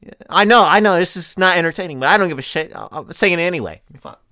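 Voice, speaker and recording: A man's voice: high-pitched, expressive, fast talker, pushed and bright, smooth, no room sound, clean studio sound. A man delivering a crude, sarcastic comedy rant, rambling and stammering through restarts. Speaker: comedy YouTuber.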